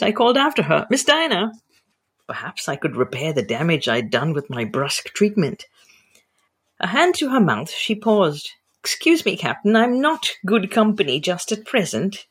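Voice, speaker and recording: Expressive, husky-voiced woman author. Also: sits low. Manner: animated, expressive reader. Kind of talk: casual interview talk and reading aloud.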